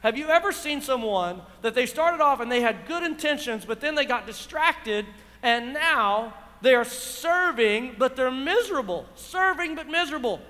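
A man's voice: extremely high pitch, animated, moderate pace, bright, forceful tone, long reverb tail. A man preaching a sermon, asking his congregation rhetorical questions. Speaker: pastor. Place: church.

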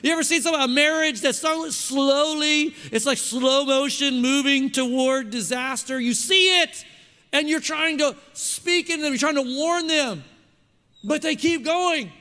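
A man preaches in a very high, bright voice, pressing his points home and throwing questions out to the congregation. His words ring out with a long reverb, as in a church hall. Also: unhurried. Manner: emphatic, keeps asking the congregation questions. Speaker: pastor. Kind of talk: sermon.

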